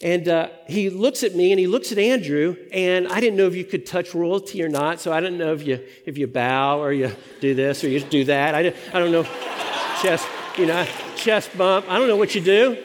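Man preaching, tells stories big and lively, voice a bit high, long echo from the hall. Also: normal speed, a little hiss or hum. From United States. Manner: animated storyteller, acting out voices. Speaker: pastor. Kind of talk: storytelling sermon.

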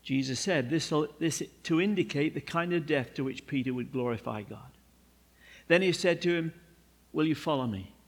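A man preaching a sermon, emphatic and unhurried, with humorous personal asides. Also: a little high, slightly rough. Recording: long hall reverb.

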